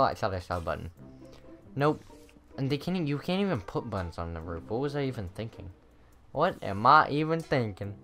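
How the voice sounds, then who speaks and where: An excitable gamer narrates a maze run in let's-play style, muttering under their breath before bursting into high panicked yelps. The voice swings widely in pitch, and faint game music plays underneath. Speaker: gamer playing a maze map.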